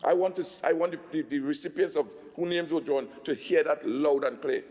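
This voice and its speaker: A man with a Tobagonian accent giving a budget speech in a legislative assembly, emphatic, slowing down to stress figures. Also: a little high, darkish tone, in a large hall. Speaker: assembly secretary.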